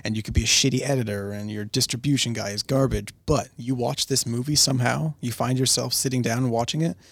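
A man's voice: mid-range voice, fairly even intonation, fast, gravelly, dry recording. A man co-hosting a podcast in casual chat, thoughtful and rambling, often laughing. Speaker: podcast co-host.

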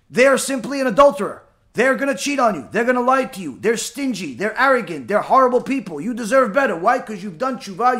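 Emphatic high-voiced man preaching. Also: a bit bright. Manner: emphatic, rhetorical questions, mixes Hebrew terms. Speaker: rabbi giving a Torah class. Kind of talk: sermon.

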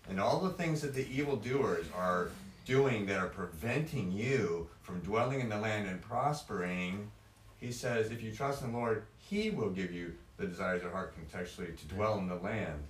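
Lowish male participant in a Bible discussion, probing questions, roomy and distant, faint ambience. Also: animated, normal speed. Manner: questioning, thinks aloud, quotes verses. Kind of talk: group discussion. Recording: echoey room, voice from off-mic.

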